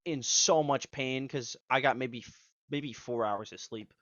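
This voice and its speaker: A young man co-hosting a podcast, spinning a long, rambling story full of swearing and acted-out lines. His voice sits at an ordinary middle pitch and comes through slightly dull and dry, with no room sound. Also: unhurried, fairly bright tone, no room sound. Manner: rambling, profane, acts out quotes. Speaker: podcast co-host. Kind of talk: casual storytelling chat.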